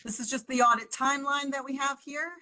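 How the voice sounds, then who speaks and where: Bright-voiced woman presenting an audit. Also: high voice, steady tone, brisk, poor audio. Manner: methodical and explanatory, with frequent "um". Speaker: external auditor presenting to a board. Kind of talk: business presentation over a video call. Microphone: computer mic on a video call.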